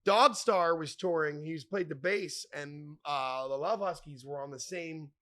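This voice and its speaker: His voice is a little high, a bit bright, and unhurried. Hosting a podcast in a bar, the middle-aged man rambles through profane, humorous stories, name-dropping as he goes.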